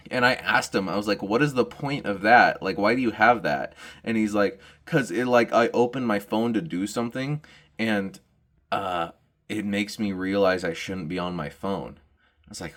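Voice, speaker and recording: A young man riffs through a rambling comic monologue, laughing at his own jokes and running himself down. His voice sits at an ordinary middle pitch, and he has the hiccups. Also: fairly bright tone. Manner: self-deprecating, laughs at own jokes, mocking put-on voices. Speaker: comedian vlogger.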